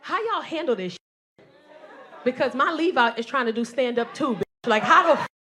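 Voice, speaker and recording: A woman in her forties performing a loud, animated stand-up set with crowd work, telling stories to a live audience. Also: sits high, normal speed, noisy background. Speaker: stand-up comedian. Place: comedy club stage with live audience. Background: audience laughter.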